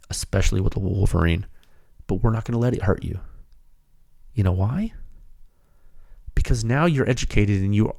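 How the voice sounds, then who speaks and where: A man hosting a technical podcast, talking in an emphatic, animated way and often calling listeners dude. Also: medium pitch, no echo, clean studio sound. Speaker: podcast host. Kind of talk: excited technical podcast talk.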